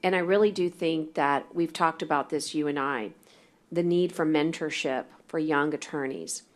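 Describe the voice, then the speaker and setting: A woman who is a county judge chairs a public meeting and speaks in a gracious, measured, formal way. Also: low voice.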